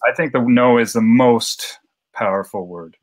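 A man's voice: mid-range voice, a little slow. A man hosting a casual talk about dog training, chatting in an easygoing, agreeable way. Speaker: podcast host. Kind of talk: casual chat. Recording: noisy, distant mic.

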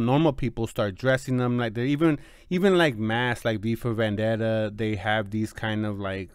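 Rambling man reviewing a movie, crisp and dry. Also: mid-range voice, no echo. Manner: rambling, full of fillers and restarts. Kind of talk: casual spoken review.

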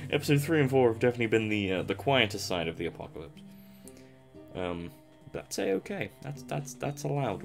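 Young man, deep voice, casual game commentary, rambling, self-deprecating, faint music behind. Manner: rambling, self-mocking, chuckles often. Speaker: gameplay commentator.

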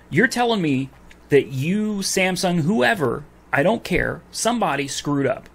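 A man's voice: fairly high pitch, very animated, a little slow, gravelly, a bit bright, slightly rough. A man venting to camera about a phone refund, heated and swearing as he retells his argument with a store clerk. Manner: heated, swears, recounts dialogue. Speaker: vlogger. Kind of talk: angry customer rant to camera.

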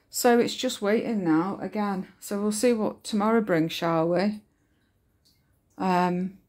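A woman's voice: mid-range voice, darkish tone. A woman talking casually to camera in a home vlog, frustrated and ranting, swearing freely and rambling with lots of fillers. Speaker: vlogger.

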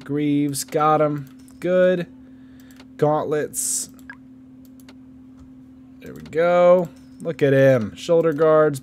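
A man's voice: medium pitch, a little hiss or hum. A man casually commentating his own gameplay, joking and reacting playfully. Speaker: gaming YouTuber. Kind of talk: casual let's-play commentary.

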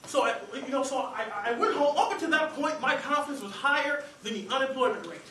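A young man giving a humorous contest speech, acting out scenes with lively energy. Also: very high-pitched, fast talker, hardly any pauses, a little hiss or hum. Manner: animated, acts out scenes and voices. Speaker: contest speaker. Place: meeting hall stage. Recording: echoey hall, distant mic. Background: audience laughter.

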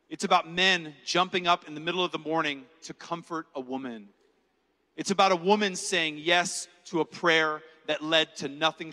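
Male keynote speaker, animated storyteller, bright forward voice, reverberant hall. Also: on the high side.

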